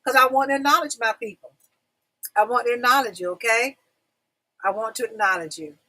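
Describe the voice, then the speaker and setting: A woman's voice: on the high side, a little fast, bright, forceful tone, rough recording. A middle-aged woman hosting a casual livestream talk show, chatty and repetitive, talking straight to her viewers. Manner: chatty, repeats phrases, calls audience y'all.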